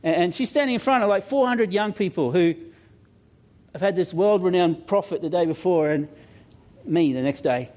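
A man preaching a sermon, telling stories with animated, self-deprecating humor and acting out voices. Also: high voice, normal speed. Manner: animated, acts out quoted voices. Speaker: pastor. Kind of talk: sermon storytelling.

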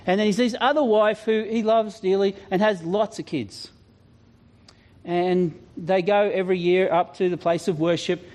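Man preaching, pretty high voice, jokey storytelling sermon vibe. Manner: chatty, humorous storytelling with asides. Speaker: youth pastor.

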